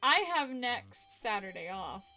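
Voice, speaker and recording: A woman's voice: medium pitch, expressive, a little slow, music in the background. A woman streaming a horror visual novel, reading its text aloud and chatting with viewers, laughing often and swearing casually. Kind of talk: live game stream chat and reading aloud.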